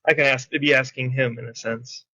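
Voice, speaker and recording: A man's voice: mid-range voice, fairly even intonation, moderate pace, sharp tone, highs cut off. A man playing a tabletop game, pressing with repeated, probing questions. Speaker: player. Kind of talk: tabletop game play over voice chat.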